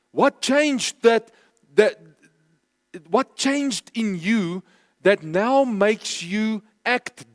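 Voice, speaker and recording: High-voiced pastor preaching slowly. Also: male voice, no echo, studio quality. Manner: emphatic, repeats key phrases, slows for stress. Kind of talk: sermon. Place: church.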